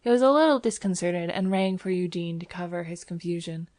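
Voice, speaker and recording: A woman narrating a classic story in a measured, even way. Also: fairly low pitch, no room sound. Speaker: audiobook narrator. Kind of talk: scripted narration.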